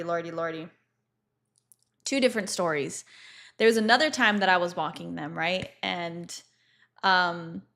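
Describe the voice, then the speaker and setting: A woman's voice: fairly low pitch, a bit bright. A young woman livestreaming, casually telling stories to her chat, swearing freely and laughing often.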